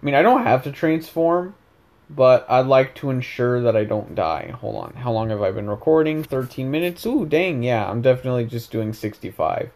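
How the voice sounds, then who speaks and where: A man's voice: medium pitch, animated, normal speed, darkish tone. Man rambling over gameplay. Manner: joking, rambling, self-correcting. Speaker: gaming video host. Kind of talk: casual gameplay commentary.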